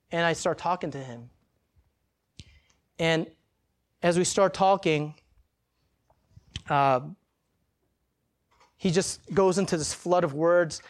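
A male pastor preaching in a church, telling a personal story in a casual, animated way and acting out the quotes. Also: a little high, slow, pauses often.

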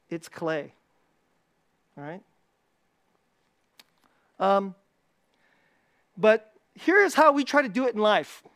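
A preacher with a weekly video channel gives a casual, animated sermon, repeating key phrases and laughing often. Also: medium pitch, slow, long pauses.

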